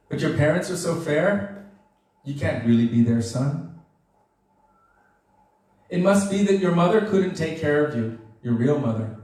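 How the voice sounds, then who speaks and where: A man's voice: fairly high pitch, darkish tone, natural voice. A man voicing a gang of young cowherd boys, teasing and mocking their friend in a story. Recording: very echoey room, voice far from mic.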